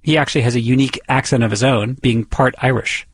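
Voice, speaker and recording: A man's voice: mid-range voice, fairly even intonation, quick pace, a little hiss or hum. A man from the Boston area, narrating a scripted radio feature in a conversational way. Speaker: radio reporter.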